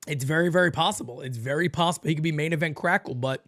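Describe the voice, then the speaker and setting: Middle-aged male podcast host, slightly high voice, playful joking storyteller. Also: quick pace. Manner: animated storyteller, acts out high squeaky voices; laughs often, joking. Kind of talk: casual sports podcast chat.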